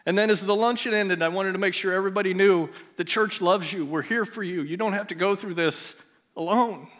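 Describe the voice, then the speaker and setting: A pastor telling a personal story in a sermon, his voice dropping to a near hush at the emotional moments. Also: high voice, brisk. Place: church sanctuary.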